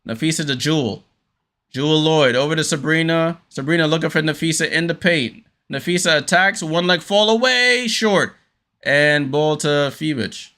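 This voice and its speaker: Man, casual play-by-play commentary, bright forceful voice, fillers, jumps up on big plays. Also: a little high, moderate pace. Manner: hesitant with fillers, rising excitement on big plays. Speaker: host.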